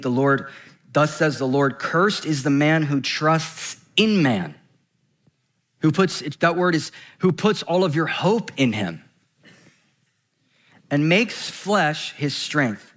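A man preaching a sermon in a conversational, animated way, slowing down to read scripture and speeding up for quick asides. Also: on the high side. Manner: animated, swings between slow scripture reading and quick asides; conversational, frequent "right?" and "like".

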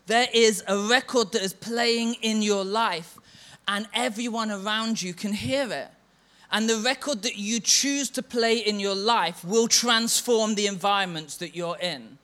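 A man's voice: high voice, a little slow, a bit bright. A church leader giving a sermon, telling stories and chanting a mocking refrain to make his point.

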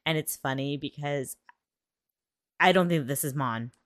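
A woman co-hosting a casual chat about a TV series, emphatic and quick to laugh. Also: deep voice, dry recording, studio quality. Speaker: podcast co-host.

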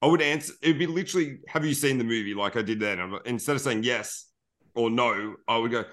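A man's voice: medium pitch, fairly bright tone. Aussie guy chatting as a podcast guest, rambles on, laid back. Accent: Australian. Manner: rambling, easygoing, quick asides. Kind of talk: casual podcast chat.

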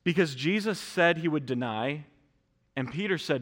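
Man, pastor, sermon, high bright voice, earnest restarts, long church-hall reverb. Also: lively intonation, moderate pace. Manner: earnest, direct address with frequent restarts. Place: church sanctuary.

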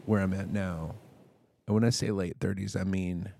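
A man talks through his own podcast in a loose, wandering monologue, poking fun at himself as he goes. His voice sits a little low, but he keeps leaping up loud and bright when he gets excited, then drifting back down. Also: normal speed, creaky, slight background noise. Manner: rambling, self-mocking humor; sudden bursts of loud, high enthusiasm. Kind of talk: casual monologue.

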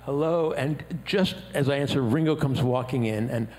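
A man chatting casually about his music career, an animated storyteller who slips into other people's voices when he quotes them. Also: mid-range voice, moderate pace. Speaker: musician guest. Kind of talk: casual chat. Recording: long hall reverb with faint noise.

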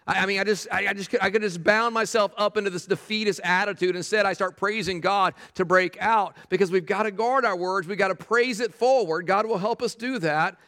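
A man preaching a sermon as pastor, emphatic and animated, often repeating phrases for effect. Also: high-pitched, fairly quick, few pauses, big-room sound. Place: church sanctuary.

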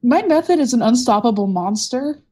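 A woman's voice: fairly high pitch, expressive, moderate pace, crowd noise. Playful woman gaming with friends. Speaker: tabletop game player. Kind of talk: casual chat over voice call.

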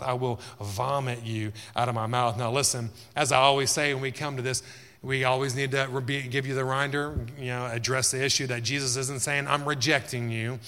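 A man's voice: medium pitch, a bit bright, big-room sound. A man preaching a sermon, emphatic and repetitive, building to exclamations.

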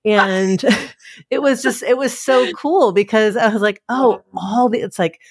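A woman's voice: on the high side, measured pace, no echo, studio quality. A woman in her thirties, a podcast guest in casual conversation, telling candid stories and quoting herself and her son.

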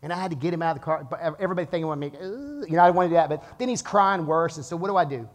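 High-voiced man preaching a sermon. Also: rapid-fire. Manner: animated storytelling, swings from loud to hushed. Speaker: pastor. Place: church auditorium.

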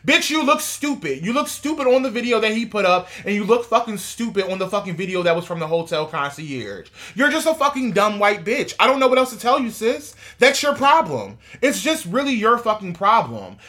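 A man's voice: sits high, very animated, a little fast, few pauses, pushed and bright. A man co-hosting a gossip podcast, ranting heatedly and swearing constantly in casual chat. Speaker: podcast co-host.

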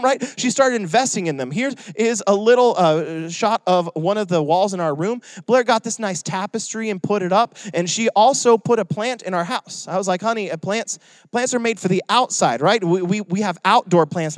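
High-voiced young pastor, joking sermon. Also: male voice, no room sound. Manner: joking, conversational.

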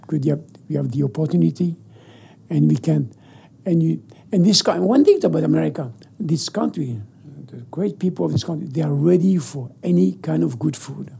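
An older man with a French accent, a chef being interviewed, talking with animated enthusiasm in broken English and often repeating his words. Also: fairly high pitch, brisk, vocal fry, slight background noise. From France. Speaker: guest chef. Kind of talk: casual interview.

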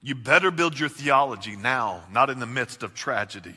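Bright-voiced man preaching in a hall. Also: mid-range voice, lively intonation, moderate pace. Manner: earnest preaching with swells and drops in volume. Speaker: pastor. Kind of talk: sermon.

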